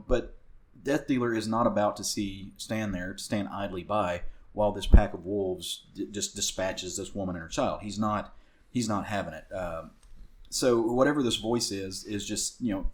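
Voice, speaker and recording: A man with a lowish voice and a Southern US accent co-hosts a podcast. He recaps a comic book in a rambling, casual manner, restarting often and using many fillers.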